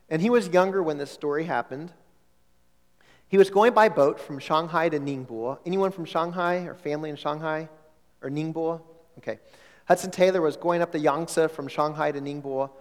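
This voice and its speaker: Pastor preaching in an echoing hall. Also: male voice, a little high. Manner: conversational, with frequent repeated words and audience questions. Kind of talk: sermon storytelling. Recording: long hall reverb.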